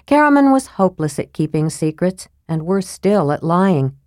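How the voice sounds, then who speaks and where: Low-voiced woman narrating an audiobook. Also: very animated, normal speed, a little mellow, dry recording, studio quality.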